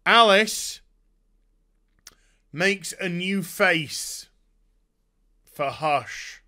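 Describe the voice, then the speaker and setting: A man's voice: sits high, lively intonation, very slow, pushed and bright. A man giving a profane, sarcastic rant about a TV show. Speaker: YouTube TV reviewer. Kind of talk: ranting TV review.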